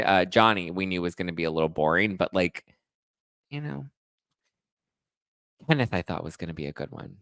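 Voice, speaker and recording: A man's voice: sits low, fairly bright tone, dry recording, clean studio sound. A man hosting a podcast, chatting casually and sassily as he recaps and gossips, laughing often and acting out quotes. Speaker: podcast host.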